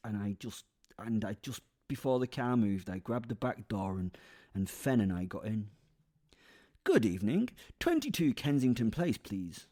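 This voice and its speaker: A man's voice: fairly low pitch, warm tone. A man narrating a darkly comic serial story, sardonic, with rambling asides and self-corrections. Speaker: narrator and lead character.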